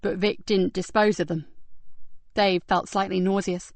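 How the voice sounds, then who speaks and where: Woman, audiobook narration, even, matter-of-fact, medium pitch, dry close sound. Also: unhurried, dry recording. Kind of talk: scripted narration.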